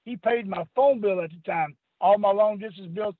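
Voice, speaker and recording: High, husky older man on a phone line. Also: normal speed, dry recording. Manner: rambling, laughing storyteller acting out quotes. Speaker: interview guest, former wrestler. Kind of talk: storytelling anecdote.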